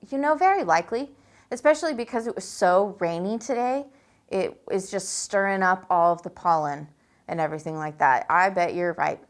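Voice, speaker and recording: A woman with a mid-range voice hosts a live chat indoors, a quilt hanging behind her. She's chatty and upbeat, reading viewer comments aloud and rambling with plenty of "you know" and "like."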